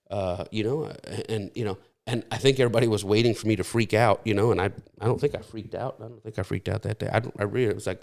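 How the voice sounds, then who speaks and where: A man's voice: lowish voice, fast talker, creaky, darkish tone. A middle-aged man preaching a sermon in a conversational, storytelling way with frequent restarts. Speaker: pastor.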